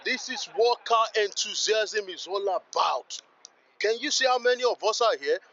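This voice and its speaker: A man's voice: sits high, animated, normal speed, pushed and bright, muffled recording. A man vlogging as he walks around a rainy outdoor car meet, hyped and exclamatory, repeating himself as he points things out. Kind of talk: excitable walkaround vlog.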